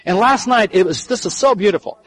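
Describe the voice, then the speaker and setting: An older man delivers a sermon as a story. His voice sits somewhat high, and he talks earnestly, repeating and restarting phrases as he goes. In the tender passages he drops to a soft, quiet tone. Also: expressive, brisk, rough recording. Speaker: preacher and counselor.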